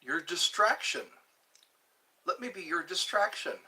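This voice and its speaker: A man hosting a casual livestream, chatting slowly and rambling while greeting viewers and answering comments as he eats. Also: high-pitched, expressive, sharp tone. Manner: slow, rambling, chatty, restarts words, eating while talking. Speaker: livestream host. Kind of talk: casual live chat reading comments.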